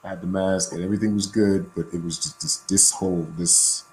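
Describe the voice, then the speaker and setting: A man's voice: sits low, little pitch movement, brisk, a little mellow, low-quality recording. A man who is a guest on a podcast, telling stories casually, loose and laughing, with many fillers. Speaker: guest, animation creator. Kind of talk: casual chat.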